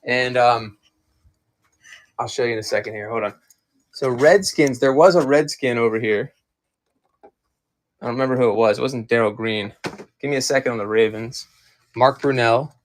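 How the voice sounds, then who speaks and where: Sorting through his stock on a casual live-stream collectibles auction, a man from Maryland chats with his viewers. His average-pitched voice moves at a normal speed, and his loose, distracted talk pauses often as he stops to look for things.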